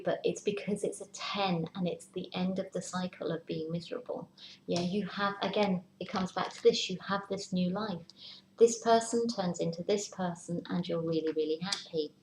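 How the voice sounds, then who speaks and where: A woman's voice: on the low side, steady tone, normal speed. A woman giving a casual tarot reading, chatty, sometimes dropping into a whisper to act out worries. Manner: chatty, acts out worried inner voices in whispers. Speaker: tarot reader. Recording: echoey room, faint hiss.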